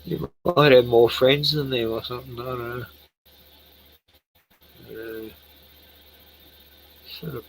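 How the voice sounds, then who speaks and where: Older man, Australian accent, tipsy, rambling livestream chat, slow talker, gravelly. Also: medium pitch, fairly even intonation, a little hiss or hum, rough recording. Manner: rambling, swears freely, chats to viewers. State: tipsy from beer. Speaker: livestream host.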